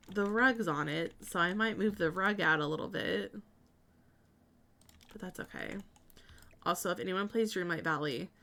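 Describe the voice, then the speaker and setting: A woman's voice: medium pitch, a bit bright. A woman streamer chatting casually while building in a game, thinking aloud and answering her chat.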